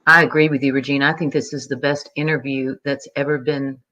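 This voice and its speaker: A woman co-hosting a casual livestream chat, eager and quick to agree. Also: rumbling low, level tone, pushed and bright. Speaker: co-host.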